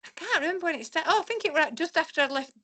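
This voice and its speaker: A woman's voice: very high voice, lively intonation, very fast, pushed and bright. A woman chatting casually on a podcast, rambling a little and restarting her sentences. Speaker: podcast co-host and race runner.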